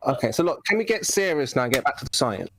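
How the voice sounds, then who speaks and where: A man's voice: mid-range voice, very animated, fast talker, a bit bright. A man taking part as the guest in a casual debate, affable and agreeable, who often repeats his questions and answers.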